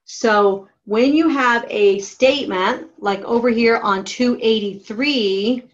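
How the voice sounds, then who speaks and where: A woman teaching a writing class, giving slow, methodical step-by-step instructions on punctuation. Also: on the high side, highs cut off. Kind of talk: classroom grammar lesson.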